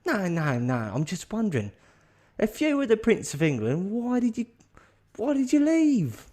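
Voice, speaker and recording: A man voicing a disbelieving young mechanic's helper in a squeaky voice. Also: sing-song, moderate pace, darkish tone. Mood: incredulous. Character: incredulous young male mechanic's offsider.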